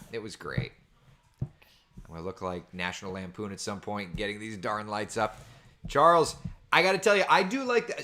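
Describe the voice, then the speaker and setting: A man talks through the weather in a relaxed livestream from home, with lots of tangents. His pitch rises and falls a great deal as he chats. He sits at his computer's built-in mic. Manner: chatty and rambling, reading viewer comments aloud. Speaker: weather forecaster. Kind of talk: casual livestream forecast chat. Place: at home with his small children nearby. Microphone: computer camera mic.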